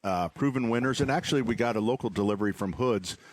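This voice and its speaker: A man's voice: on the low side, quick pace, no echo. A man who runs a garden center, chatting casually and joking about himself on a live radio show. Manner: joking, rambling, self-mocking.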